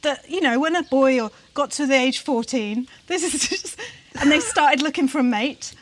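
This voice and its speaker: A woman's voice: sits high, moderate pace, slight background noise. A woman co-hosting a vlog in casual chat, teasing and laughing often as she talks, seated outdoors. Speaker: vlog co-host. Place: sitting outdoors.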